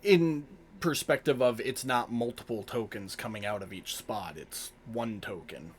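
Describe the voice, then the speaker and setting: Slow, measured man running a tabletop game. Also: medium pitch, a little hiss or hum. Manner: slow, measured narration of combat results. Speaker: game master.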